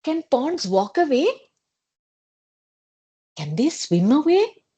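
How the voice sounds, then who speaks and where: A woman's voice: high voice, sing-song, slow pace, warm tone, voice pushed up, exaggerated voice. A woman with an Indian accent voicing a crowd of worried, thirsty animals in a children's story. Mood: puzzled. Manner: fretful, alarmed.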